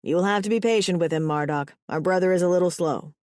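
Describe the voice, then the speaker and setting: A boisterous alien brother who rough-houses and laughs loudly. A woman narrator voices him for a storybook. The sound is dry and close, her voice on the low side. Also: fast talker, no room sound, close to an everyday voice. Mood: hearty.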